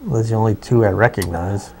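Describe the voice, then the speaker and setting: A man's voice: on the low side, a little fast, dark tone. Wry jokey male co-host. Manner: wry, jokey, slips into playful voices. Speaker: co-host of a media show. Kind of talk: casual chat about movies.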